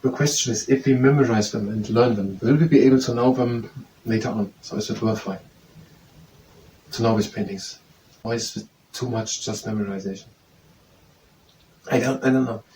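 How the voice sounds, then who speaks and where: A man's voice: lowish voice, normal speed, pauses often, a little mellow. Man thinking aloud while memorizing, repeats himself, distant mic, faint hiss behind. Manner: repetitive self-quizzing, hesitant restarts.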